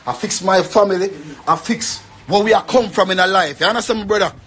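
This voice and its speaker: A man's voice: sits high, a little fast, fairly bright tone, a little hiss or hum. A young man with a Jamaican accent, rambling and pleading in an emotional rant to the camera. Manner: pleading, rambling, repeats himself.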